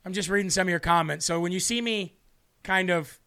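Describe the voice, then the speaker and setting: A man's voice: high voice, a little fast, sharp tone, clean tone. A man hosting a livestream devotional, talking fervently and reading viewer comments aloud. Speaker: online preacher.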